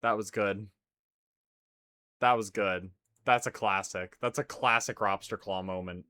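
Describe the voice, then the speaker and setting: A man's voice: fairly low pitch, a little slow, clear, resonant tone. A man streaming a game, chatting casually and jokingly, breaking off mid-sentence and restarting. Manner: jokey, excitable, trails off mid-sentence. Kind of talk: casual live-stream commentary.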